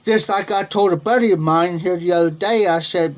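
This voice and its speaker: A man from Ohio hosts a livestream in a high, fairly quick voice, telling rambling, folksy, slang-filled stories and chuckling along the way. It's casual storytelling chat captured on a streaming setup mic.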